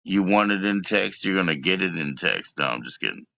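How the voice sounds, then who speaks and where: A man's voice: sits low, lively intonation, brisk, gravelly, sharp tone. A man live-streaming in casual chat, teasing and chatty as he invites viewers to join him.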